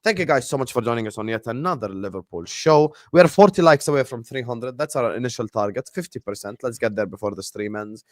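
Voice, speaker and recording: Male streamer host, brisk teasing banter, dry close mic. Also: medium pitch, expressive, no echo. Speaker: podcast host. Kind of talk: casual livestream chat.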